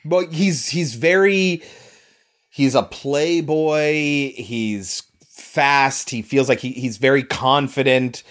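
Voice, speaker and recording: A man co-hosting a casual film discussion, talking in a relaxed, loose way with plenty of fillers. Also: mid-range voice, takes it slowly. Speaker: podcast co-host.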